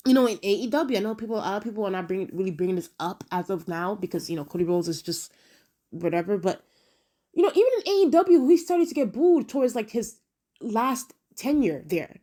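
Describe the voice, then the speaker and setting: A woman giving a casual, animated opinion rant straight to her viewers, repeating words for emphasis and talking to them directly. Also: mid-range voice, brisk. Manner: conversational, addresses viewers directly. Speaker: wrestling commentary vlogger.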